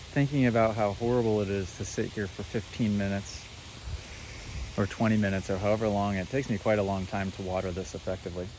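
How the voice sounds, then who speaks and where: A man talking casually in a vlog, coaching a young rider and then musing in a relaxed, reflective way in his backyard. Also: fairly low pitch, slight background noise, rough recording. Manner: coaching calls to a child rider; hushed, almost whispering. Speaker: vlogger and motocross coach. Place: outdoors at home, backyard.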